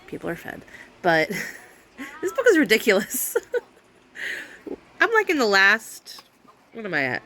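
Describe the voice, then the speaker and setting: Brief: woman vlogger, casual chat at home, very animated pitch, sarcastic and laughing. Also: slight background noise. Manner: exasperated, sarcastic, laughs often. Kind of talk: casual book chat to camera.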